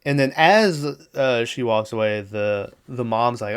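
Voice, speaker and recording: A man's voice: mid-range voice, unhurried, smooth. A man hosting a podcast, rambling through a movie plot in a loose, profane way and acting out the characters' lines. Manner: profane, rambling storytelling with quoted voices. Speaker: podcast host. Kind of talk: casual solo movie recap.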